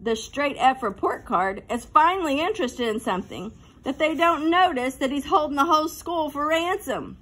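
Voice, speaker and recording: A woman's voice: sits high, animated, normal speed, fairly bright tone. A woman voicing a laid-back, knowing fifth-grade boy who talks in breezy, conspiratorial asides, in a storybook reading. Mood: wry.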